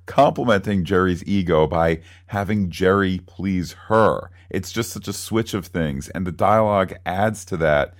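Deep-voiced wry podcast co-host, man. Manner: wry, wordy, playful. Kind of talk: casual episode recap.

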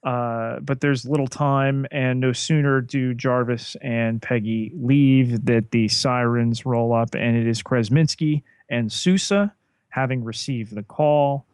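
A man co-hosting a podcast, recapping a TV episode in a measured way with frequent fillers. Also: medium pitch, steady tone, a little mellow, smooth, no echo. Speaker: podcast co-host.

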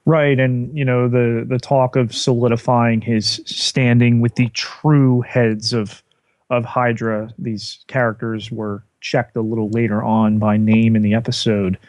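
Slow-talking man recapping TV scenes. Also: mid-range voice, level tone, a little mellow, no room sound. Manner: unhurried, walks through scenes step by step. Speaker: podcast co-host. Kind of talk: casual TV episode recap chat.

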